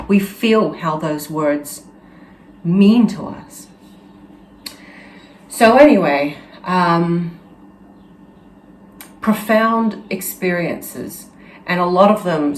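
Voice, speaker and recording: A woman host telling a personal story in an earnest, halting way, with many restarts and fillers. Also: lowish voice, slight background noise. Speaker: channel host. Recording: roomy echo with faint ambience.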